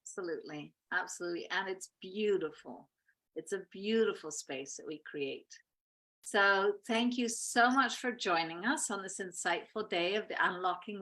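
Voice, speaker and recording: A woman love coach talking in a gentle, reflective, encouraging way in a casual chat. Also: mid-range voice.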